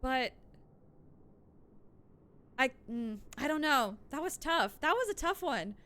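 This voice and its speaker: A woman streaming a video game, chatting casually with giggles and animated reactions. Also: high-pitched, slow pace.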